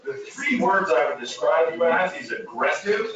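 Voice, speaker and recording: A man acting as bickering office salesmen on a comic sales call, swinging from mumbling to shouting. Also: on the high side, expressive, moderate pace, muffled recording, a crowd in the background, close to an everyday voice. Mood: shouting, then smooth. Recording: sitcom clip played over room speakers, echoey, far, noisy.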